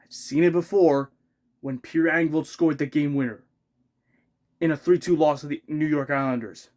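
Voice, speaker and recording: A man's voice: fairly high pitch, steady tone, normal speed, darkish tone. A man ranting as a hockey fan in a vlog, exasperated, repeating himself and swearing in rising outbursts.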